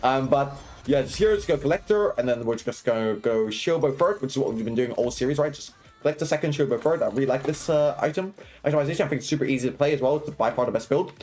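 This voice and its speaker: A man's voice: mid-range voice, animated, a little mellow. A young man streaming and coaching a video game, explaining each move and checking in with viewers as he plays. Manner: quick, explanatory, keeps checking in with "right?" and "okay?"; laughs and banters with chat. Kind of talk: live gameplay commentary.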